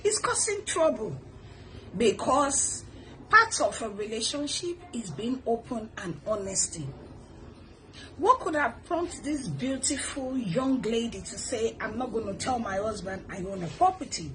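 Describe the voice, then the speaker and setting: A middle-aged woman with a Nigerian accent hosts a casual advice talk, animated and a bit preachy. Her voice sits a touch high, and a faint noise hums behind her. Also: a little slow, poor audio. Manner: animated, preachy, with laughs and repeated blessings. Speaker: host. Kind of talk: casual advice talk, reading viewer comments.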